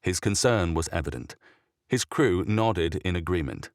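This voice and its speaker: Low-voiced man narrating a story. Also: dry recording, clean studio sound. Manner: even, measured storytelling.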